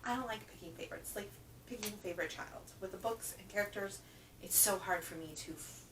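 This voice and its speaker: A woman's voice: mid-range voice, fast. A woman casually chatting through a reading wrap-up, emphatic and repeating words for stress. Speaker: book reviewer. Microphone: camera microphone. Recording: roomy, from a distance with faint hum.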